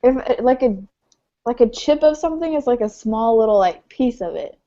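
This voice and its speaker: A woman's voice: fairly high pitch, expressive, moderate pace, warm tone. A woman in a casual online chat, talking in a chatty way, laughing often and saying "like" a lot. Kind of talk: casual video-call chat. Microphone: computer mic on a video call. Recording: muffled lo-fi call audio.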